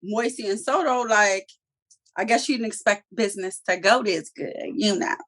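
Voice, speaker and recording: A woman's voice: medium pitch, normal speed, a bit bright. A woman casually recapping a TV episode, swearing freely and acting out the characters' lines. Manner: slangy, profane storytelling with acted-out quotes. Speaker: TV show reviewer.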